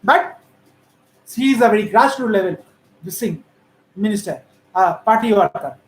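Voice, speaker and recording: A woman's voice: medium pitch, expressive, moderate pace. A woman giving critical, emphatic political commentary on how politicians speak. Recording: roomy echo.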